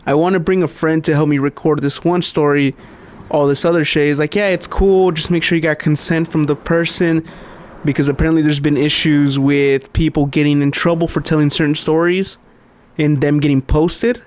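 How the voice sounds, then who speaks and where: A young man on a casual podcast spins a rambling, swear-heavy story and laughs along the way. His voice sits a little higher than most men's. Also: fairly even intonation, moderate pace. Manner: profane, storytelling, laughs often. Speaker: podcast co-host. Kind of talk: casual chat.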